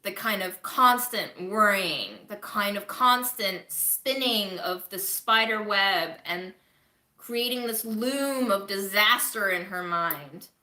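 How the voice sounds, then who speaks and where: A woman's voice: mid-range voice, takes it slowly, pushed and bright, roomy sound. A woman recovering from covid, chatting candidly to viewers on a home livestream, swearing casually. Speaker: livestreaming vlogger.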